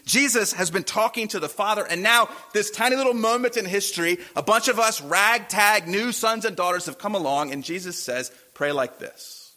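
A man's voice: sits high, moderate pace, few pauses, pushed and bright. A man, a pastor, preaching a sermon in a conversational way, asking the congregation questions.

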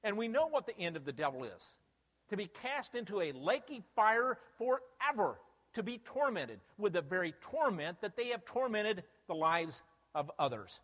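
A man delivers a sermon with a high, animated voice that climbs and drops as he stresses his points. He keeps throwing rhetorical questions at the listeners. His voice carries a long reverb from a large hall. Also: moderate pace. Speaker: preacher.

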